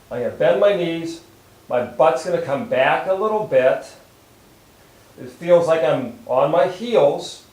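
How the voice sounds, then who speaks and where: Calm man guiding posture exercises. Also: on the high side, echoey room, poor audio. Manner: calm, steady step-by-step instruction while moving. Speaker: chiropractor demonstrating exercises. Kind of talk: instructional exercise demonstration.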